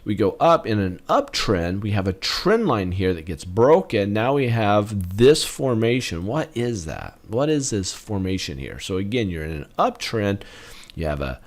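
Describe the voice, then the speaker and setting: A man teaching trading patterns as he walks through charts, animated and punctuating price moves with sound effects. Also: fairly low pitch, unhurried. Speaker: trading educator. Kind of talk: chart walkthrough lesson.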